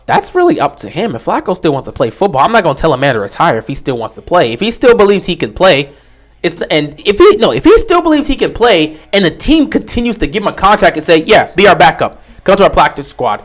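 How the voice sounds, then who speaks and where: A young man hosting a sports livestream, chatting casually and answering viewer questions. His voice sits a bit high and swings widely in pitch as he gets worked up. He talks like he's riffing with his audience. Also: quick pace. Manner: animated, answering chat questions. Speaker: livestream host.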